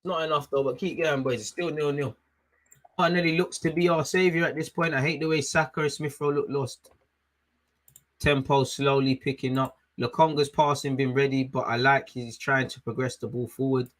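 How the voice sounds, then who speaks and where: Excitable fan yelling at the ref. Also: male voice, medium pitch, normal speed. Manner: excitable, shouts at the ref, drops to mutters. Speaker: fan watchalong host. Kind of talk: live football watchalong commentary.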